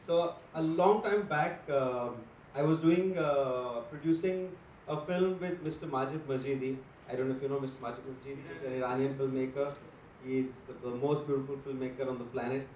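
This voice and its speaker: A man, a film director, telling an anecdote on stage with an unhurried, hesitant manner. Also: mid-range voice, darkish tone, a little hiss or hum. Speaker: film director at a press event. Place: event stage with an audience. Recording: echoey event hall, from far off.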